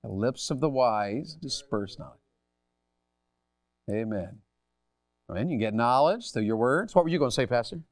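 A man's voice: mid-range voice, lively intonation, normal speed, pauses often, dry recording. A middle-aged man preaching a sermon, calling on the audience with a folksy, teasing manner. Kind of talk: interactive sermon. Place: church hall.

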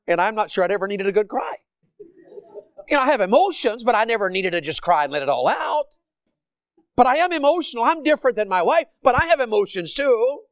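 Emphatic preacher with a high voice. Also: male voice, no echo, studio quality. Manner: emphatic, asks the congregation questions; swings from loud preaching to quiet storytelling. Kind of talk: sermon. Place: church or school hall with a congregation.

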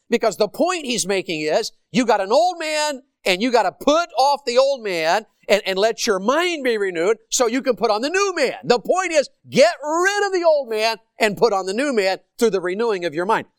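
A man preaches, his voice high for a man and clear. He keeps turning to the congregation with questions and moves between loud emphatic points and quiet stories. The sound is dry and close, with no room echo. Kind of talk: sermon. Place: church or school hall with a congregation.

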